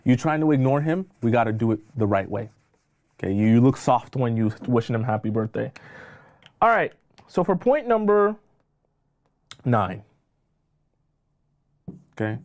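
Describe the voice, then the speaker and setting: A man's voice: mid-range voice, animated, unhurried, pauses often, a little mellow. A man coaching on dating in a live stream, emphatic and scolding, repeating phrases for stress. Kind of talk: live-stream relationship advice.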